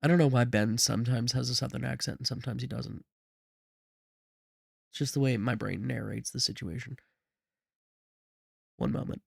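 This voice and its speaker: A chatty man giving casual gameplay commentary, joking and wandering into side stories, with a sore throat and a stuffy nose. His voice sits at a middle pitch, and the recording is dry and close to the mic. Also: steady tone, normal speed, vocal fry, long pauses, husky, no echo. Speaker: let's play host.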